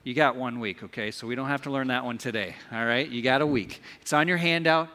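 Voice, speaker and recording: A man's voice: mid-range voice, brisk, pushed and bright. A man preaching a sermon as pastor, asking the congregation questions and leading them in call-and-response. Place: church sanctuary. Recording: live hall with long reverb.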